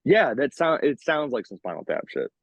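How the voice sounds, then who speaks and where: A man who sings in a metal band, guesting on a podcast in casual chat. He tells animated stories, swears freely and laughs often. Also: mid-range voice, moderate pace, vocal fry, slightly rough, no room sound. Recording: dull lo-fi, dry podcast audio.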